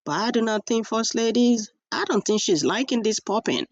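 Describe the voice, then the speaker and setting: A woman's voice: a little high, animated, normal speed, dry recording, lo-fi sound. A woman hosting a reaction channel, chatting casually to viewers with rhetorical questions and direct asides.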